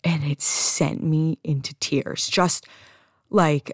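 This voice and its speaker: A woman's voice: low-pitched, steady tone, moderate pace, a little mellow, clean tone, no room sound, clean studio sound. A young woman hosting a casual solo podcast, telling stories in a chatty way with frequent restarts and some swearing. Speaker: podcast host.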